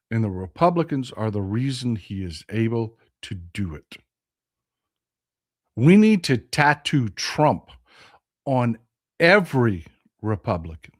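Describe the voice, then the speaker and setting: A man with a Texan accent hosting a political commentary vlog, speaking in an impassioned, blunt and profane way and repeating phrases for emphasis. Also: medium pitch. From Texas. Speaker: host.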